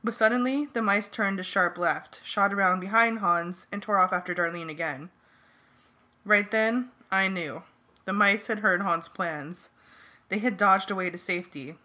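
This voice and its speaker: A woman reading a first-person novel aloud as an amateur audiobook, in a plain, steady manner. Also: medium pitch, normal speed. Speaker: audiobook reader.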